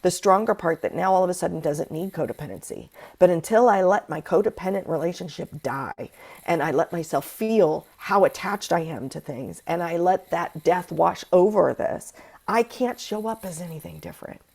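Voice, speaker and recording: A woman with a low, gravelly voice hosts a casual spiritual chat. She talks with passion, swears freely and acts out her inner voices. Her tone is mellow and dark. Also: normal speed. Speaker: podcast host.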